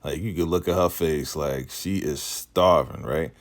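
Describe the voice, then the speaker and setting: A man with an extremely low, rumbling voice talks through a TV episode in a relaxed, slangy vlog style. He leans on "like" and casual phrasing and keeps the tone loose and conversational. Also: unhurried. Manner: slangy, loose, says "like" constantly. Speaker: vlog host recapping a TV episode.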